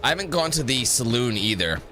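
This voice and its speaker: Over soft background music, this man speaks fairly quickly in a medium-pitched, sing-song voice that sounds pushed and bright. He's a gaming YouTuber giving chatty, meandering commentary on his play and frequently correcting himself mid-sentence.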